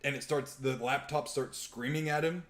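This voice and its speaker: A young man hosting a live podcast, casually chatting and excitedly retelling a movie with lots of swearing. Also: mid-range voice, moderate pace. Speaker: podcast host. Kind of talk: casual chat on a live stream.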